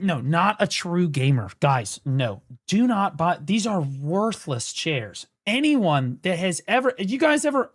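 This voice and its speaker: A man streaming a game, commentating casually while mocking another player with profanity and laughter. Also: high-pitched.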